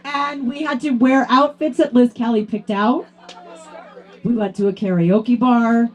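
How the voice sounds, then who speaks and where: Presenting her teammate's hall of fame award, a woman struggles against tears through a heartfelt tribute that turns loud and excited near the close. Her voice is on the high side and a little slow, with the highs cut off in the recording.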